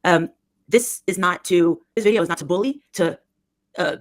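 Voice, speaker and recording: A woman's voice: on the low side, normal speed. A woman on a live stream who rambles on scornfully and repeats herself, talking into a phone or webcam. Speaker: livestreamer. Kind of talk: rambling livestream gossip.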